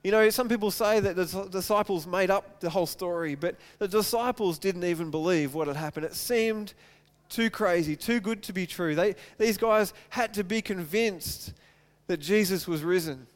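A man's voice: high voice, moderate pace, hardly any pauses. A man preaching a sermon, retelling a scripture story and asking his listeners repeated questions. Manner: reads scripture aloud, then preaches with repeated rhetorical questions. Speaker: pastor.

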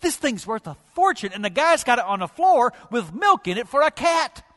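A male pastor preaching with rhetorical questions and dramatic pauses, sometimes dropping to a near whisper. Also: very high voice, big pitch swings, sharp tone, in a large hall. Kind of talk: sermon. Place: church sanctuary.

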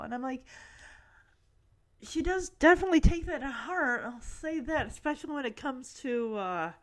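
A woman talking through a show episode scene by scene in a loose, chatty way. Her voice is fairly high, and she drifts into fond asides and little laughs as she goes. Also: animated, moderate pace. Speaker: show recap host. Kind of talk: casual episode recap commentary.

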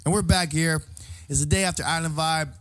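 A man hosting a casual bar podcast, hoarse from yelling the night before, laid-back and joking with loose slang. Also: on the high side, fairly even intonation, brisk, no echo, clean studio sound. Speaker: podcast host.

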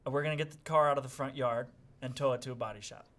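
A middle-aged man casually telling a story on a podcast, acting out the people he quotes with sudden loud outbursts. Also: medium pitch, steady tone, racing. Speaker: podcast guest.

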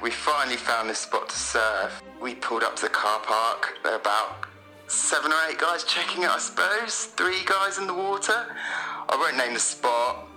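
Caller guy from bristol, super bright voice, easygoing storytelling with lots of hedging. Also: medium pitch, expressive, normal speed, soft background music, low-quality recording. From Bristol, England. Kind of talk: telling an anecdote on a podcast call.

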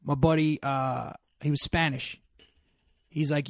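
Gravelly man telling profane stories. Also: fairly high pitch, steady tone, moderate pace, no echo, studio quality. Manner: profane, emphatic storyteller. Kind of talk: casual storytelling chat.

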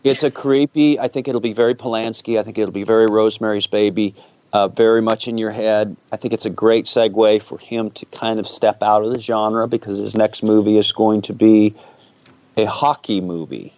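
A man, an actor guest chatting in an interview, talking haltingly with lots of fillers and restarts. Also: lowish voice, fairly even intonation, a little mellow, no echo. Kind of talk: casual interview chat.

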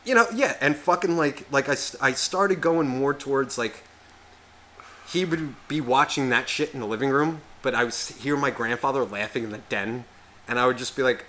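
A man in his thirties tells a story on a podcast in an unscripted, rambling way, peppering it with swearing and endless "like"s. His voice is bright and forward, sitting at an ordinary pitch for a man. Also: normal speed. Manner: rambling, heavy profanity, constant "like" fillers. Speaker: podcast co-host. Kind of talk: casual storytelling chat.

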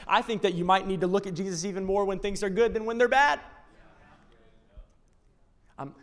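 A male pastor preaching a sermon, animated, acting out little scenes and quotes. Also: a little high. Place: large church auditorium. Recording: long reverb of a large church.

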